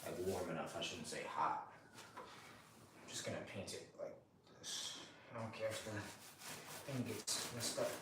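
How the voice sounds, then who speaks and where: A man's voice: fairly low pitch, measured pace, pauses often. A man giving casual, chatty commentary to himself while painting a bathroom, with slangy asides. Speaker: DIY home renovation vlogger. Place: small bathroom being renovated, indoors. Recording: echoey small room, far from mic, background noise.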